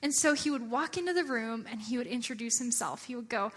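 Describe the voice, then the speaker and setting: A young adult woman giving a chatty, animated church talk, often using filler words. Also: a little high, fairly quick, few pauses. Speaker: church speaker.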